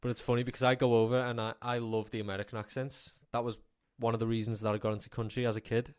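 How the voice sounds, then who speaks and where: A man's voice: medium pitch, level tone, quick pace, smooth, no echo, clean studio sound. A young man from Liverpool with a Scouse accent, a guest singer chatting easygoingly in a radio interview, rambling with fillers. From Liverpool, England.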